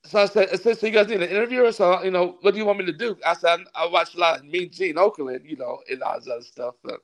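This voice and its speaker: Man, pastor, casual interview storytelling, somewhat high voice, animated, laughs often. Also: very fast. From California. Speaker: pastor and wrestling ring announcer.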